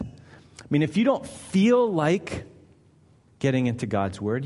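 A man's voice: medium pitch, darkish tone. Man preaching in a reverberant hall. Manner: conversational, builds to emphatic repetition. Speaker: pastor. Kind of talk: sermon. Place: church sanctuary.

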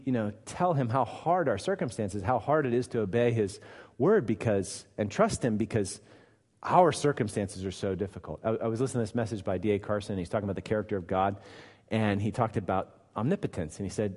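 A man preaching a sermon, acting out the Bible's dialogue with bursts of loud emphasis. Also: on the low side, fairly quick. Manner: animated, acts out scripture dialogue with sudden loud emphasis. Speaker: pastor. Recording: long hall reverb.

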